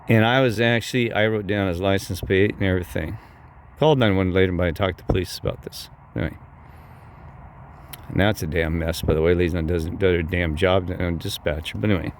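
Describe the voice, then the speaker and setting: Gruff low-voiced man telling a heated story. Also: brisk. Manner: heated, cursing, repeats "I said" often, voice jumps higher when quoting himself. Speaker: vlogger telling a personal story. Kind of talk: rambling angry storytelling to viewers.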